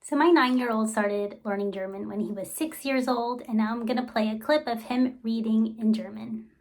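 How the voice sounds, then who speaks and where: Woman, 30s, casual vlogger, slightly high voice, enthusiastic and chatty. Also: fairly even intonation, normal speed, a little mellow. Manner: enthusiastic, fond storytelling with many fillers. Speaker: vlogger and homeschooling mother. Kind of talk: casual vlog talk.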